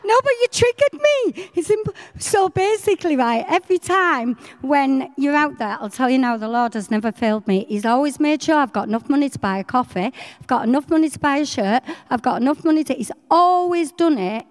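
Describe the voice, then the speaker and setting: A middle-aged woman, telling her faith story in a chatty, animated way. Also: high-pitched, fairly quick, hardly any pauses, long reverb tail. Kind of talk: personal faith testimony.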